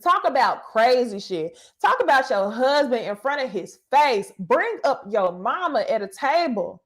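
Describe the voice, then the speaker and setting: A woman talks straight to her viewers in a casual recap of reality TV. Her voice sits a little high. She is animated and profane, and she tosses in laughing asides. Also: a little slow.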